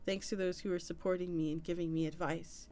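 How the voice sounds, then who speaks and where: A woman's voice: on the low side, steady tone, a little fast, warm tone. A woman streamer reading an internet story aloud in a casual way, with small slips and restarts.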